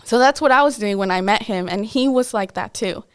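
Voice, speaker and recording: A woman's voice: mid-range voice, a little fast, clear, resonant tone. A young woman co-hosting a podcast, casually telling a personal story with lots of "like" and acted-out quotes. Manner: candid, lots of "like" and quoted asides. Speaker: podcast co-host.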